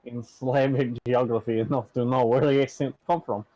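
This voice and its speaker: A man's voice: medium pitch, fairly even intonation, moderate pace, dark tone, no room sound, low-quality recording. Regular-voiced guy joking around over voice chat while playing a tabletop game. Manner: joking, laughs often. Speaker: player.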